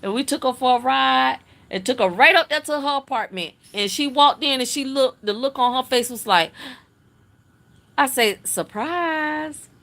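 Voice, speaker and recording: A middle-aged woman hosting a casual livestream, telling a family story in an animated, chatty way. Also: high-pitched, normal speed, creaky. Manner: animated, chatty, acts out family members' voices. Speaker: livestream host.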